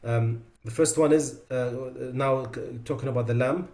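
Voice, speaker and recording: A man teaching a tajweed class on recitation mistakes. He recites each sound as an example, then drops his voice low to say what is wrong with it. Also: steady tone, moderate pace, a little mellow. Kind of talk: tajweed lesson.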